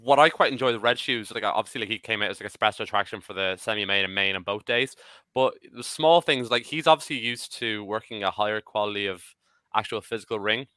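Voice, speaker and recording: A man of about thirty chatting as a podcast panelist, excitable and swearing casually. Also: lowish voice, fast talker, smooth, no echo. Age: 30s. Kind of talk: casual chat.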